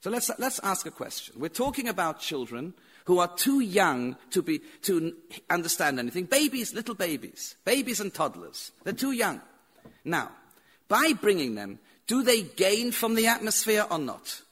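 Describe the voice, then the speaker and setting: A man's voice: high voice, sing-song, moderate pace, a bit bright, slightly rough. A man teaching a Torah lecture as a rabbi, telling stories with repeated phrases and rhetorical questions.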